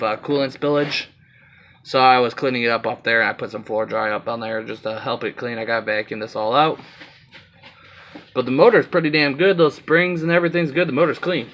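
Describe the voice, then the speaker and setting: A man's voice: mid-range voice, a bit bright, slight background noise. A man with a slight Southern accent filming a rambling, casual walkaround of his car project, swearing now and then.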